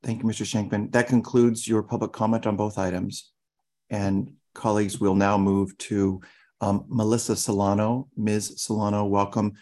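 Low warm guy reading out procedure at a board meeting, calm and formal. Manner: measured, formal. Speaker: meeting clerk.

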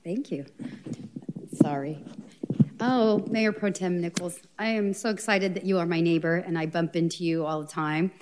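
A woman's voice: lowish voice, a little mellow. A woman council member speaking in an upbeat, bubbly way while honoring a colleague at a city council meeting.

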